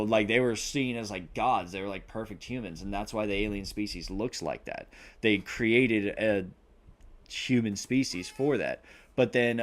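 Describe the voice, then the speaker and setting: A man on a podcast casually retelling a movie plot, rambling, swearing constantly and filling gaps with "uh" and "like". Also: fairly low pitch. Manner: profanity-laced, rambling, many fillers. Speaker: podcast co-host.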